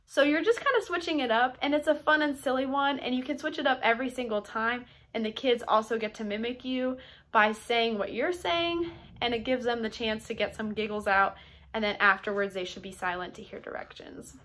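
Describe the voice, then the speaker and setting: A young woman who teaches preschool talks other teachers through her classroom routines in an upbeat, explanatory way. Her voice sits a little high for a woman, and she breaks into short, bright call-and-response chants to show how each one goes. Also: a little fast. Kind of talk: instructional talk to teachers.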